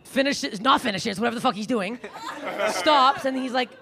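A woman's voice: a little high, moderate pace, creaky. A woman doing stand-up, brash and profane, laughing through her punchlines. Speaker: stand-up comedian. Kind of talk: stand-up storytelling. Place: comedy club stage. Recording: loud crowd laughter and noise in a club.

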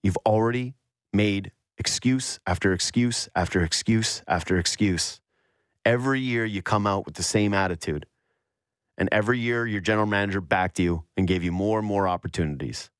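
A man from the Yukon, a sports radio host, telling a long personal story in an animated, storytelling way. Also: on the low side, normal speed, clean tone, no echo, clean studio sound. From Yukon, Canada. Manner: animated storyteller, mocks whiny voices. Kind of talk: storytelling monologue.

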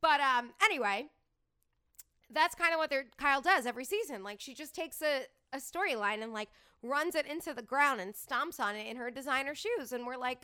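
A young adult woman hosting a podcast, chatting casually and full of fillers and quick asides. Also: high-pitched, animated, bright, forceful tone. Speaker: podcast host. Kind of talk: casual chat, reality TV gossip.

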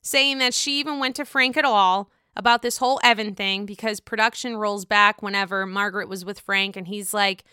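A woman chats through a reality show recap in a bright, tense voice. Her tone is smooth and crisp, and the sound is dry and close. She talks in a gossipy, animated way and swears freely. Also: medium pitch, moderate pace, hardly any pauses, no echo. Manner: gossipy, profane, animated reactions. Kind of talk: casual recap vlog.

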